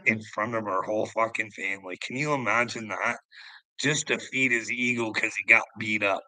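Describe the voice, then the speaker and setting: A man's voice: medium pitch, bright, forceful tone, no echo, low-quality recording. A man livestreaming to his chat, ranting in a profane, confrontational, goading way.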